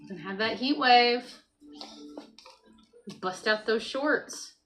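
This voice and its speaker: A woman's voice: a little high, slow pace, fairly bright tone, slight background noise, low-quality recording. Chatty woman hosting a morning livestream. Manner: chatty, reads chat aloud, talks to her child between comments. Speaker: livestream host. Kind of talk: casual morning livestream chat. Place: at home by a computer.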